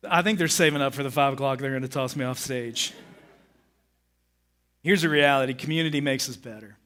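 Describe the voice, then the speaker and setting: A middle-aged man preaching a sermon on a church stage, animated and acting out his own moods for the congregation. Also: mid-range voice, brisk. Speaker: pastor.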